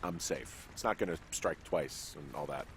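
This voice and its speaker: A man's voice: a bass voice, moderate pace. A man voicing a dry-humored, sarcastic fire lookout in a video game. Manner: deadpan, sarcastic. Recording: game audio with background noise.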